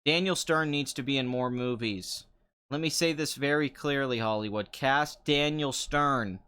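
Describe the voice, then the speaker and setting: A man's voice: medium pitch, moderate pace, a bit bright, clean tone. A young man hosting a casual chat show, answering viewer comments in a sarcastic, rambling way and laughing often. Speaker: podcast host.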